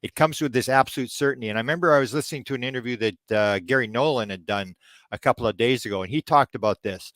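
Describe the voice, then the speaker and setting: Speaking fast in a mid-range voice with no echo, a sixtysomething Canadian man answers an interviewer's questions as a guest researcher. He rambles, stalls and restarts with plenty of ums, then comes alive when he tells stories.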